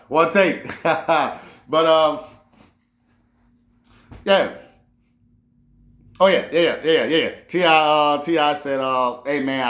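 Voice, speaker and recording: Reverberation colors the mid-range voice of this man from New Orleans as he hosts an offhand commentary monologue. He curses freely and gets animated, wandering off track and restarting as he goes.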